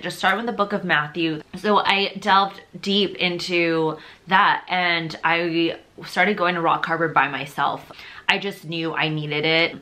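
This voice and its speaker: A woman's voice: on the low side, bright, forceful tone. A young woman telling her personal faith testimony in a casual, rambling way, full of fillers and open emotion. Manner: chatty and rambling, heavy on fillers like "like" and "you know"; openly emotional, confessional.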